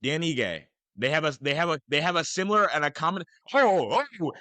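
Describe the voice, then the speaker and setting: A man's voice: a little high, lively intonation, fairly quick, sharp tone, no echo. An American man co-hosting a podcast, teasing the others in casual chat. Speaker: podcast co-host.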